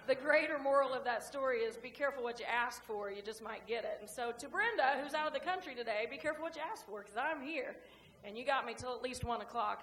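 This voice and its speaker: Folksy woman speaker in an echoey hall. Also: on the high side. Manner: folksy storyteller, lively and warm with the crowd. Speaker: guest speaker, women's basketball coach. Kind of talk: after-lunch club speech with jokes. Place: large banquet room. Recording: echoey room, faint hum.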